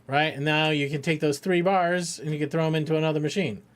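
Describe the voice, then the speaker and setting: A man's voice: fairly high pitch, steady tone, fast talker. A middle-aged man streaming a game for charity, chatting casually, joking, swearing and often laughing. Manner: rambling, jokey, swears freely, laughs often. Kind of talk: casual live-stream chat.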